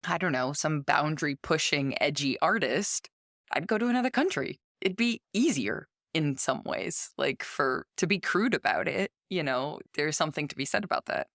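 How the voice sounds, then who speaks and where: A woman's voice: low-pitched, very animated, normal speed, vocal fry, fairly bright tone, no room sound, studio quality. A woman in her thirties hosting a casual podcast interview, chatty and self-deprecating. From United States. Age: 30s. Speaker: podcast host.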